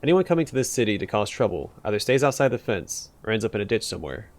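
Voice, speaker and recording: A man voicing a stern but friendly male militiaman, explaining calmly and firmly. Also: fairly low pitch, fast talker.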